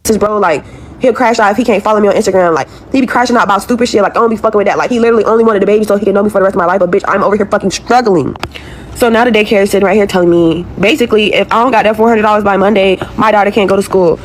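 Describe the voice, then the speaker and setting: A young woman rattles off a heated, profane rant at a quick clip, circling back to the same complaints again and again. Her voice sits at a middling pitch, and a faint hum of room noise runs under it. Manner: profane, repetitive, exasperated venting. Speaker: woman in a viral video clip. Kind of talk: venting rant to followers.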